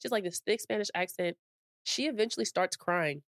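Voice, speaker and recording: A woman's voice: a little fast, dry recording, clean studio sound. A woman in her late twenties co-hosting a podcast, telling a school story in casual chat and acting out the people she quotes. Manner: animated, acts out quotes with big pitch jumps and laughter. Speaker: podcast co-host.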